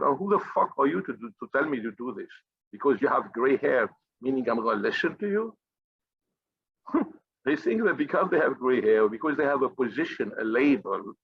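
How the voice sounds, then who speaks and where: A man with a husky, slightly breathy voice delivers a fiery, profane motivational rant, blunt and combative. The recording is dry and close, with a dull, somewhat lo-fi sound. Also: mid-range voice, no echo. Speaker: finance group leader. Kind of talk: impassioned motivational monologue.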